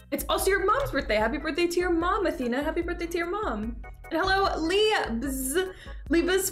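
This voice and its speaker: A young woman streams and chats with her viewers in a high, bright voice, greeting them by name one after another. Her talk is upbeat and loose, and faint music plays softly behind her. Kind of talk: casual chat greeting live viewers.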